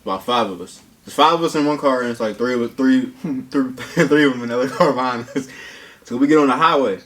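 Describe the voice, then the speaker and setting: A young man casually telling a funny story on a mukbang, slangy and animated, laughing as he goes. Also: medium pitch, fast. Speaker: mukbang co-host. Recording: distant mic with background noise.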